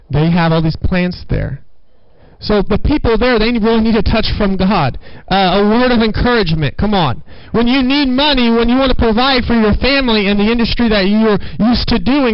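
A man's voice: high voice, clear, resonant tone, dry recording, muffled recording. A man preaching a sermon at a church service, fervent and exhorting the congregation with call-and-response.

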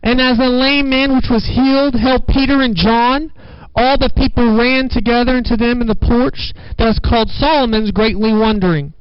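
A man with a very high, smooth voice preaches a fervent sermon, hammering his points home with repeated phrases. The sound is dry and a little dull, as if from a lo-fi recording. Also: fairly even intonation, normal speed, dry recording. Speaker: pastor.

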